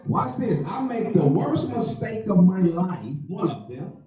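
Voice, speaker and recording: A man telling a stand-up story in animated, loose vernacular, laughing through his lines. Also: high-pitched, a little slow, a crowd in the background. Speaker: stand-up comedian. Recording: roomy, distant, muffled live stage audio with music.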